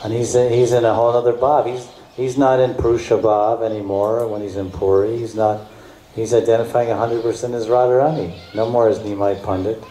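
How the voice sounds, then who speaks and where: A man's voice: on the low side, level tone, brisk, warm tone. Emotive man telling devotional stories. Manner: emotive, repetitive, breaks into chanted song. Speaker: spiritual teacher. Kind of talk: devotional storytelling lecture. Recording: echoey room, faint background noise.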